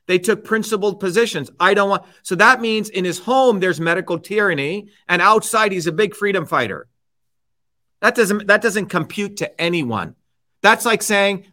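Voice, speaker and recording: High-pitched, heated male commentator. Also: lively intonation, normal speed, bright, forceful tone. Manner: angry, combative, repeats points with "okay?". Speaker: host.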